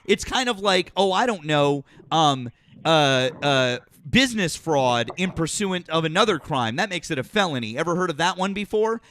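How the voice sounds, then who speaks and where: A man hosting a political call-in stream argues hard and profanely with a caller, talking over callers in a heated live debate while his throat is sore. His voice is on the high side and a bit bright, with lively intonation at a moderate pace and slight background noise.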